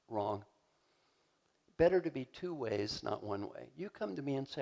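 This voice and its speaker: Gravelly man coaching a conference crowd. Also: medium pitch, moderate pace. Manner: energetic, joking, leads audience call-and-response. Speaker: leadership coach and keynote speaker. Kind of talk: live motivational seminar talk. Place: large conference hall.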